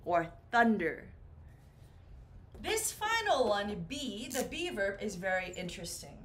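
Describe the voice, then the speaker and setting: A woman gives a beginner English lesson. She speaks slowly and with a bright, lively melody, and her voice sits somewhat high. She plays out the short example dialogues in a playful way. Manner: animated, playful, acts out little example dialogues. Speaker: English teacher.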